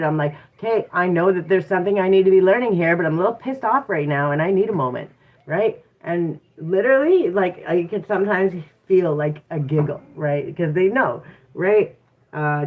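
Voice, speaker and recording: A tarot reader chats frankly and conversationally during a live stream, tossing in "right?" to keep listeners with them. The sound is thin and tinny, like a phone line. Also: medium pitch. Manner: candid, conversational, often asks "right?". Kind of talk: casual live-stream talk.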